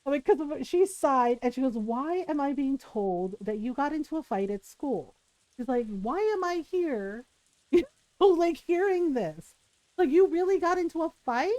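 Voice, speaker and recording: A woman's voice: high voice, moderate pace, no echo, low-quality recording. A woman streamer telling a story in a casual way, acting out what people said and laughing often. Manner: animated, acts out quotes, laughs often.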